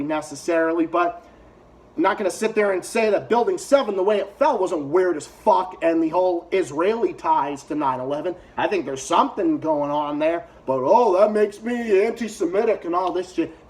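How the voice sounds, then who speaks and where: A man giving a heated, profane reaction rant to video clips, talking as a YouTube commentator. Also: on the high side.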